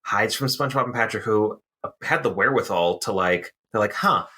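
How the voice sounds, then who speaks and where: A man co-hosts a casual podcast, walking his friends through a cartoon episode. His voice sits fairly low but comes out bright and forceful, and he pads his talk with plenty of "uh"s. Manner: animated, with many "uh"s and quick voiced asides. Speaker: podcast co-host.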